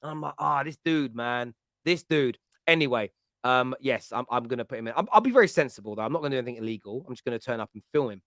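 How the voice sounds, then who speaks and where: A man's voice: mid-range voice, expressive, racing, a bit bright, dry recording, clean studio sound. A man, hosting a casual football chat and telling rambling, jokey stories. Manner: chatty, rambling, jokey storytelling. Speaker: podcast host.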